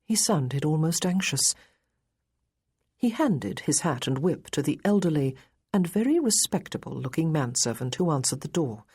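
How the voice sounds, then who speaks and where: Low husky female audiobook narrator. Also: animated, moderate pace, a little mellow. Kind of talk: scripted narration of a romance novel.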